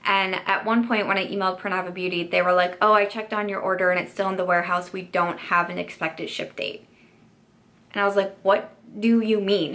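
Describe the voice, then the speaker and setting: A woman's voice: mid-range voice, fairly bright tone. A young woman beauty YouTuber telling a chatty story-time vlog, full of "like" and "you know" fillers.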